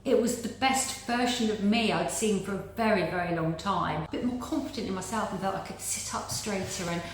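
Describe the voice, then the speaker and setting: A woman's voice: mid-range voice, brisk. A middle-aged woman giving an earnest, chatty patient testimonial, repeating words like "very, very". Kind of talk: casual interview testimonial. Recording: very echoey room with faint noise.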